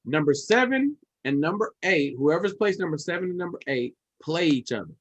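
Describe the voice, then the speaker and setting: A man's voice: fairly high pitch, lively intonation, brisk. A man and comedian in casual podcast chat who jumps in eagerly and explains things step by step.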